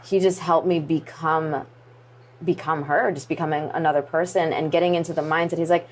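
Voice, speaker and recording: Woman guest, 30s, lower voice, tells stories with animated, acted-out quotes. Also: fairly quick. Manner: animated, acts out quoted dialogue. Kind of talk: casual interview storytelling.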